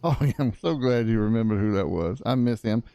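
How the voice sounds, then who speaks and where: Rambling folksy man, smooth low voice. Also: animated, brisk, mellow, dry recording. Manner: rambling, folksy, full of fillers. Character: cranky old frontier lawyer. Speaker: prosecutor. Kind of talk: in-character roleplay chat.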